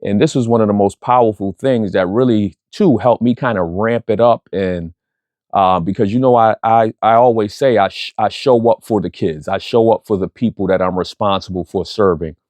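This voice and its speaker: A man hosting a podcast, speaking earnestly and reflectively about his youth program, pausing often with fillers while recovering from surgery. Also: lowish voice, darkish tone, no echo. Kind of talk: casual spoken intro.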